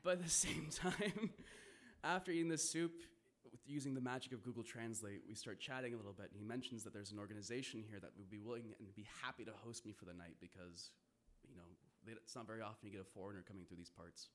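A man with a bright, forceful voice tells a lively first-person story on stage. He swears freely and breaks into laughter now and then as he builds the tension. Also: lowish voice, fast.

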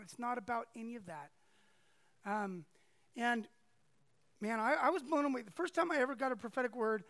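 A man's voice: very high voice, vocal fry, fairly bright tone, dry recording. A man preaching a sermon to a congregation, speaking conversationally and animatedly, with asides and acted-out quotes. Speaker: pastor.

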